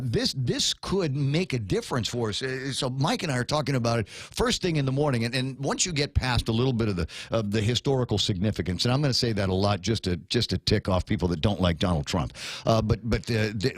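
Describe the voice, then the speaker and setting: A man's voice: mid-range voice, no echo, studio quality. A middle-aged man from Guam hosting a casual morning radio talk show, rambling with many restarts and playful asides.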